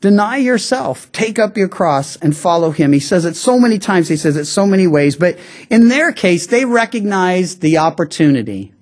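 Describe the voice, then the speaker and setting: A pastor preaching a sermon in a relaxed, conversational way, often restarting phrases and slowing down to stress key words. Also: mid-range voice. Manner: frequent restarts and stammered repeats.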